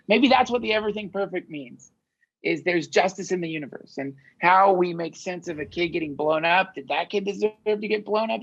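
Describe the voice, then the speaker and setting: A podcast guest in casual conversation, this man thinks aloud in loose, rambling, searching sentences and swears freely. His high voice is gravelly with a husky edge, and the audio sounds dull and lo-fi, like a podcast recording.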